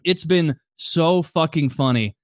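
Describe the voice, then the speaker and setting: A man telling a story in casual podcast chat, animated and profane, laughing as he goes. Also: on the high side, takes it slowly, no echo, studio quality. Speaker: podcast host.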